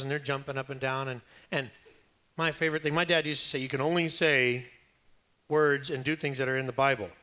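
A man preaching a sermon, telling a Bible story in a conversational, humorous way and acting out the quoted lines. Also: a little high. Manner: animated storytelling, acting out quotes, rising loud at climaxes.

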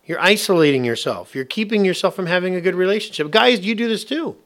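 A man's voice: sits high, animated, fast talker, a bit bright. A man preaching a sermon, asking his listeners question after question in a conversational way. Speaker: pastor.

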